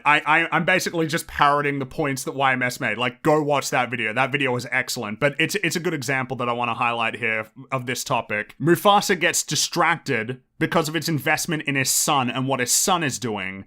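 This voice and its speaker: A man's voice: mid-range voice, sharp tone. A man hosting his own show, talking through a casual commentary monologue with lots of restarts and offhand swearing. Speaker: podcast host.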